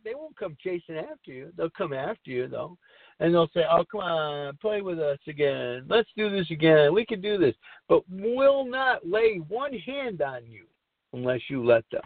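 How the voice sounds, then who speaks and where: A man's voice: high voice, no echo. A middle-aged man hosting a recovery talk show, speaking in a rambling, earnest way and repeating himself. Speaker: podcast host. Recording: tinny phone-like line.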